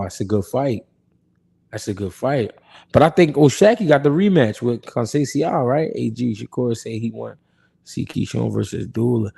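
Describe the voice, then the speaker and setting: This man's voice sits at medium pitch and sounds gravelly and mellow, with a slight roughness. He hosts a live boxing talk stream, chatting casually in slang, reading out viewer comments, laughing a lot and repeating himself in a laid-back way.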